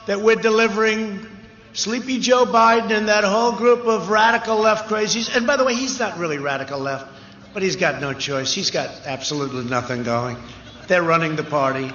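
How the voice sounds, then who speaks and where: At a big outdoor rally, a man delivers an unscripted, emphatic speech full of repetition and wandering asides. His high voice sounds pushed and bright, though the audio is dull, carried through an echoey PA with a crowd cheering behind him.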